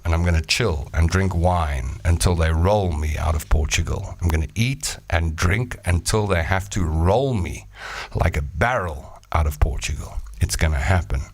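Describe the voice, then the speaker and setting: A man with a South African accent hosting a casual live show. He reads viewer comments and rambles into jokey stories. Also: low voice. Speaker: show host. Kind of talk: casual livestream chat reading viewer comments.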